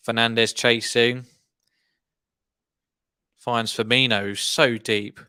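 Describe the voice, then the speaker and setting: A man's voice: medium pitch, slow pace, long pauses, clear, resonant tone. A young man hosting a live football watchalong, giving exasperated fan reactions as the match plays out. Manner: animated, exasperated fan commentary.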